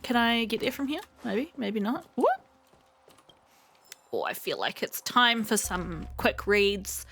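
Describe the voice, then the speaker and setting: A woman's voice: mid-range voice, expressive, slow pace, gravelly, long pauses, a bit bright, slightly rough. A young woman hosting a let's play, chatting casually and reading the game's text aloud with frequent fillers. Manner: reads game text aloud between remarks, frequent fillers. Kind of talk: casual gameplay commentary.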